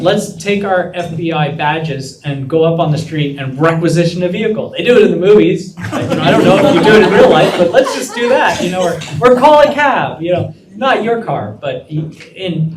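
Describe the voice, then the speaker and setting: Animated storyteller in an echoey room. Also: male voice, a little high, recorded from a distance, slight background noise. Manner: animated storyteller acting out quoted dialogue. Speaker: guest speaker. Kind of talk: storytelling talk to law students. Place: lecture room.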